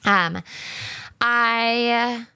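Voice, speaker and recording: A woman's voice: on the high side, fairly even intonation, extremely slow, bright, forceful tone, clear, resonant tone, no room sound, studio quality. A young pregnant woman talking casually and openly to her viewers from her home office, with many fillers and restarts. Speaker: pregnant vlogger. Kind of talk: casual solo talk to viewers.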